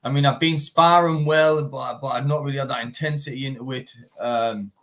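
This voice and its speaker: A young man from England speaks in a Teesside accent with a mid-range, fairly bright voice, keeping his intonation fairly even at a normal speed. He's a bare knuckle fighter giving a casual interview, blunt and swearing often, with "mate" in nearly every sentence.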